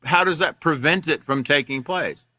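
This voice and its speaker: A man's voice: on the high side, normal speed, bright, forceful tone, dry recording, clean studio sound. Sarcastic older man teaching a class. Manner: mocking and sarcastic, reads articles aloud, repeats himself.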